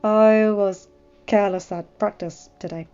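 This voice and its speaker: A woman's voice: medium pitch, fairly even intonation, measured pace, darkish tone, clear, resonant tone, lightly acted. Lady putting on a nervous shy teen boy, stammery, a bit muffled with music under. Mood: flustered. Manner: flustered and hesitant. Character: startled shy teenage boy.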